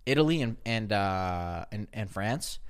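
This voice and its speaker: Male podcast co-host, lower voice, animated storyteller, curses a lot. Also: measured pace, clear, resonant tone. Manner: animated, profane, rambling anecdotes.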